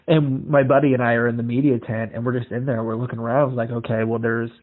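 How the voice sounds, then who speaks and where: A man's voice: medium pitch, little pitch movement, quick pace. A male podcast host from Iowa, telling stories in casual chat, acting out the voices in them and swearing freely. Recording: tinny phone-like lo-fi audio.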